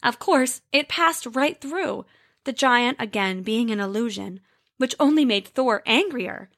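A woman narrating a children's story in an expressive scripted style. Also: fairly high pitch, unhurried, no room sound, studio quality.

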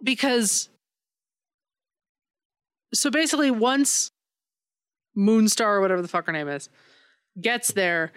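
A woman's voice: medium pitch, slow pace, pauses often, smooth, dry recording, clean studio sound. A woman co-hosting a casual film review chat, rambling and profane as she picks apart the plot. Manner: rambling, profane, mocks bad accents. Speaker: podcast co-host.

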